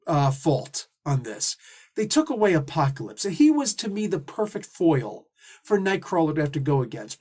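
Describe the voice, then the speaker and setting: A man talking casually about a comic book, rambling and animated, often stopping himself and slipping into quick put-on voices. His voice sits a little higher than most men's. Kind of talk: casual solo review monologue.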